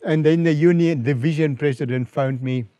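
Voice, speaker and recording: A middle-aged South African pastor, speaking at normal speed with no echo, relates experiences from his mission work during an interview. He performs the calls he received, lifting his pitch and volume to play each caller.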